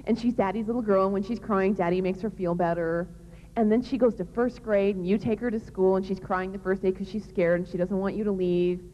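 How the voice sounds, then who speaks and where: A woman's voice: medium pitch, steady tone, fairly quick. A woman giving a live talk to an audience, telling a story and asking them rhetorical questions. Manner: addresses the audience directly. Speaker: public speaker on love and marriage. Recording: dull, lo-fi recording.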